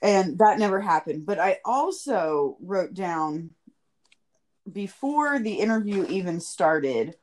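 A woman's voice: medium pitch, very animated, slow pace, darkish tone. A woman co-host in casual chat, musing about the episode in a thoughtful way. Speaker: podcast co-host.

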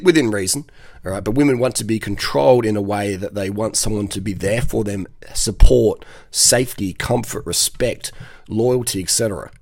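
Brief: man, low husky voice, blunt and profane, rambling advice monologue. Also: a little mellow, no room sound. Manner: rambling, swears freely, keeps checking in with "okay?". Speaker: dating advice speaker.

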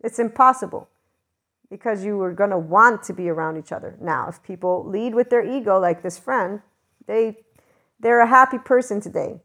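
امرأة صريحة متحمسة تتحدث بعفوية. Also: female voice, medium pitch, moderate pace, fairly bright tone. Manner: blunt, passionate, swears freely. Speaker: spiritual commentator. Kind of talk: casual monologue.

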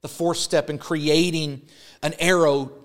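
Male pastor, sermon delivery, emphatic repetition, a touch higher-pitched than most men. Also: fairly even intonation, a little slow. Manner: preaching with rising emphatic repetition; holds up an arrow as a prop.

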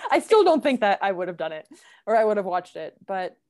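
A woman co-hosting a podcast in casual chat, chatty and quick to laugh. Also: mid-range voice, very animated, darkish tone, no echo, studio quality. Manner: chatty, laughs often, fillers. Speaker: podcast co-host.

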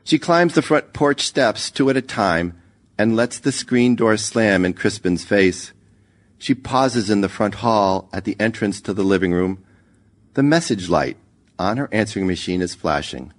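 A man narrating a short story in a measured, even reading. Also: lowish voice. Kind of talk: scripted narration.

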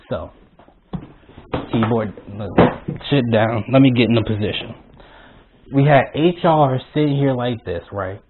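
Husky young man ranting, tinny sound. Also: medium pitch. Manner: blunt, animated, heavy swearing. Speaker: vlogger. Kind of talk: profane storytime rant.

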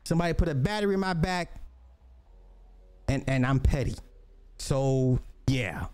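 A man's voice: medium pitch, normal speed, a little mellow, clear, resonant tone. A man hosting a casual reaction commentary, blunt and profane, with joking asides. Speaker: commentary host reacting to clips.

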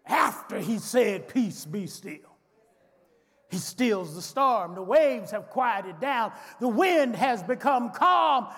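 A pastor preaching with a high voice and unhurried delivery, rising from soft to shouting. His sermon rings through a large church with long reverb. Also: animated. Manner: dramatic, swings from soft to shouting.

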